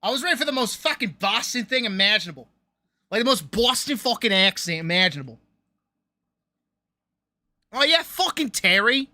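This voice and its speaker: A woman streamer chatting casually on a live stream, reacting loudly with exclamations, swearing and laughter. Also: fairly high pitch, sing-song, moderate pace, long pauses, dry recording. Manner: loud, exclamatory, swears freely, laughs often.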